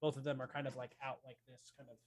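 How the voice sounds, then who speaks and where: A man's voice: medium pitch, level tone, quick pace. A man narrating as game master of a tabletop game, describing scenes with many ums and uhs. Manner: hesitant, full of ums and uhs.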